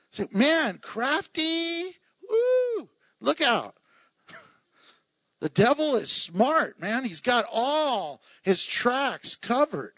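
A man with a high voice preaches a sermon, animated and quick to laugh, acting out the people he reads about. The sound is dry and close, with no room echo. The recording itself is dull and muffled. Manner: animated, laughing asides, acts out the people in the reading. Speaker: pastor.

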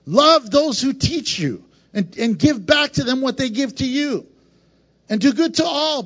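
A man preaching a sermon, swinging between emphatic loud lines and hushed, quieter passages. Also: high-pitched. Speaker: pastor. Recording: dull lo-fi sound.

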